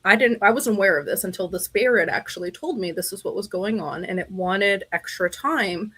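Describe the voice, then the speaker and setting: A woman co-hosting a talk show, telling a personal story in a casual, expressive way and often laughing. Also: medium pitch, brisk, husky. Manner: animated, expressive, laughs often, quotes people. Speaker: podcast co-host.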